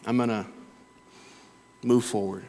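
A man's voice: lowish voice, fairly even intonation, a little slow, darkish tone. A man preaching a conversational sermon in a church, earnest and personal, with stories from his workday. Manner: earnest, conversational, with quoted voices and laughter. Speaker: lay preacher. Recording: long hall reverb.

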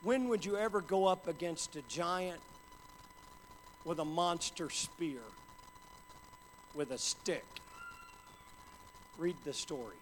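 A man preaching a sermon with passion, dropping to a hush and then building up to shouts. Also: fairly high pitch, slow, long pauses, slight background noise. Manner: impassioned, swings from hushed to shouting. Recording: hall reverb with faint ambience.

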